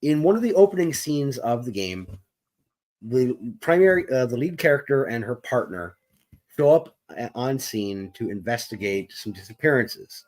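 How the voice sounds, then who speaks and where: Animated, ranting man. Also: medium pitch, moderate pace. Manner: heated, profane ranting; wordy, formal vocabulary. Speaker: podcast co-host. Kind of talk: opinionated gaming discussion.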